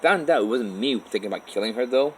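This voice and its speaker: A man telling his own life story in a halting, rambling way, with many restarts. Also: mid-range voice, animated, a little hiss or hum, poor audio. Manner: halting, with restarts and repeated "all of a sudden". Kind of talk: rambling first-person storytelling.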